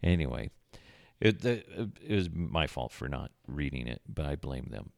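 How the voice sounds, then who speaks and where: A man's voice: extremely low pitch, big pitch swings, moderate pace, gravelly, dry recording, clean studio sound. A man hosting a casual podcast from his home office, crude and joking, swearing freely. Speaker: podcast host. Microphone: podcast microphone.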